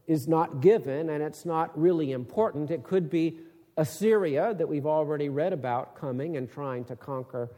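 A man's voice: on the high side, moderate pace, mellow. Man preaching a Bible sermon, emphatic questioning delivery, long reverb of a hall. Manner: reads scripture aloud, then explains it with rising emphatic questions. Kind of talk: sermon-style Bible teaching.

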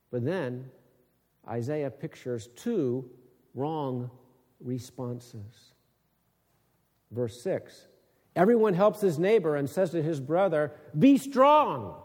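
Slow, high-voiced male preacher. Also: darkish tone, big-room sound. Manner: reads scripture aloud, then explains it with rising emphatic questions. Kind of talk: sermon-style Bible teaching.

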